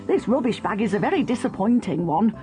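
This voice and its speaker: A woman's voice: mid-range voice, sing-song, fairly quick, music in the background, natural voice. A woman voicing a cheerful, playful male dog in a children's storybook. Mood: eager.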